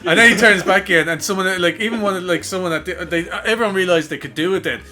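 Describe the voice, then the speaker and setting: A man's voice: sits high, quick pace, soft background music. A young Irish man chatting casually on a podcast, telling crude school stories with lots of swearing and acting out the voices of the people in them. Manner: animated storytelling, crude, laughing, acts out voices. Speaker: podcast co-host. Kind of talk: casual chat.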